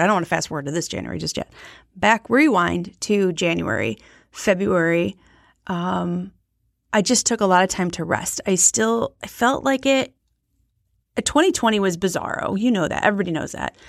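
A woman's voice: on the low side, moderate pace, creaky, no echo. Forties woman, solo podcast host, casual and rambling, dry booth sound. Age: 40s. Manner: frank, chatty, rambling.

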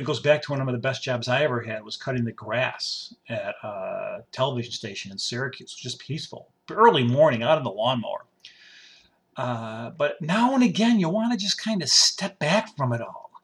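A man's voice: mid-range voice, fairly bright tone. A man hosting a podcast, musing aloud in a rambling personal monologue with frequent restarts. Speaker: podcast host. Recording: faint music behind.

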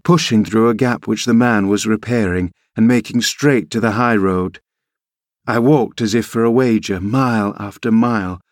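A man narrating an audiobook in a measured storytelling manner. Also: on the low side, dry recording, studio quality. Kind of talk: audiobook reading.

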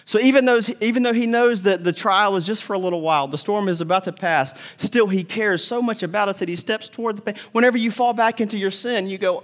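A male pastor preaching a sermon, animated, acting out quoted voices and dropping to soft, tender tones. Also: high-pitched, normal speed, few pauses.

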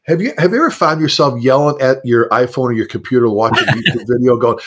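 A middle-aged man, a fire chief, talking casually and animatedly, jumping into high mocking voices for people he quotes. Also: fast talker. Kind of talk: casual podcast conversation.

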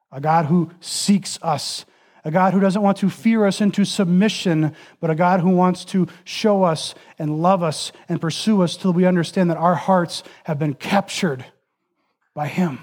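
A man preaching a sermon who builds long repeated lists of phrases and drops into a soft, near-whispered voice for emphasis. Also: sits high, moderate pace.

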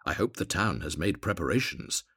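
A man's voice: sits low, animated, a bit bright, breathy edge, no echo, clean studio sound, full character voice. A man voicing a prim, talkative little male swallow in a storybook reading. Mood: fussy. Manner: prim, talkative, quick to complain.

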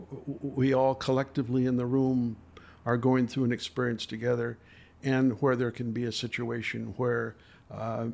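Older man with a gravelly voice. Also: mid-range voice, darkish tone. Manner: earnest, emotional, hesitant with fillers. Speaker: trial lawyer guest. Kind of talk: storytelling in a podcast interview.

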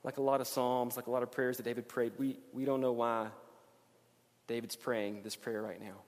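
A man in his thirties preaching a sermon as pastor, swinging between loud rising emphasis and quiet, low intensity. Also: little pitch movement, moderate pace, in a large hall.

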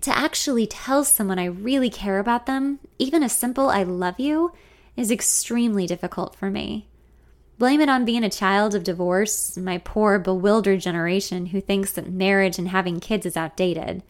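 A woman narrating a first-person story in an expressive, confiding way. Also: mid-range voice, moderate pace.

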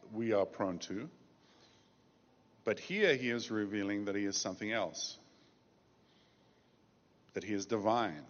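A man preaching a sermon as pastor, measured and emphatic, slowing down to stress key phrases. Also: fairly low pitch. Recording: dull lo-fi sound with long reverb.

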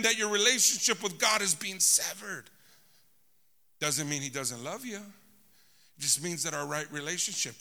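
Preaching to his congregation, this male pastor uses a high, forceful, very bright voice with a creaky edge, repeatedly calling out for amens. His sermon alternates between loud outbursts and soft, hushed stretches, all echoing with the long reverb of a big hall.

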